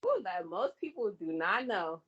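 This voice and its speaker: A woman's voice: medium pitch, big pitch swings, normal speed, a bit bright, lo-fi sound. A woman chatting as a guest on a casual show, reacting with teasing comments and frequent laughter. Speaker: podcast guest, old college friend. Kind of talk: casual chat.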